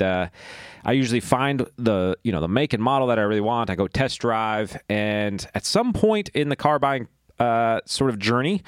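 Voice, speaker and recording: A man co-hosts a podcast, thinking aloud in a candid, self-deprecating way. His voice sits on the low side, recorded dry and close. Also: clear, resonant tone, no echo. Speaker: podcast co-host. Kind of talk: casual podcast chat.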